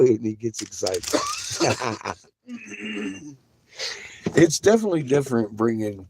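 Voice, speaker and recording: A man's voice: lowish voice, noisy background. A man vlogging from inside a vehicle, chatting to viewers with frequent laughs and cooing baby talk at a puppy. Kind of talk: casual chat to viewers.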